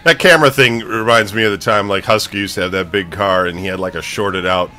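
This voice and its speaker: Low-voiced man chatting casually. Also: fast, bright, forceful tone, soft background music. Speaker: co-host. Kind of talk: casual chat.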